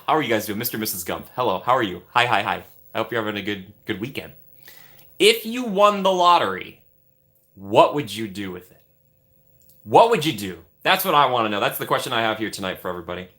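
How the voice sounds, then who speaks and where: A man's voice: very animated, fairly quick, bright, forceful tone. A man hosting a casual live stream, upbeat and playful, greeting viewers by name as they arrive in the chat. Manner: upbeat and playful, greeting chatters by name with big swings in pitch. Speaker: livestream host.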